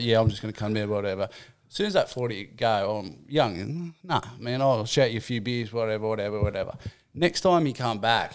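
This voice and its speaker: An Australian man telling a friendly pub story about a mate in casual podcast chat. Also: on the low side. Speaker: podcast co-host.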